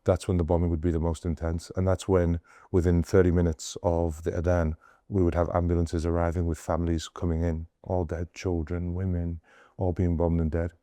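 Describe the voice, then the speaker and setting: A man's voice: sits low, monotone, fairly quick, mellow, no room sound. A young man, a doctor, earnestly telling stories of his mission in an interview, often retelling scenes with quoted dialogue. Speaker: doctor guest on a humanitarian mission.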